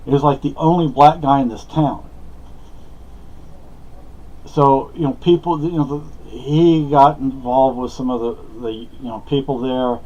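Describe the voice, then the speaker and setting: A man rambles through a casual monologue, circling back and restarting his sentences. His voice sits at a middling pitch. The recording is a bit dull and lo-fi. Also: measured pace, warm tone. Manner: rambling, hesitant, many fillers and restarts. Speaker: vlogger.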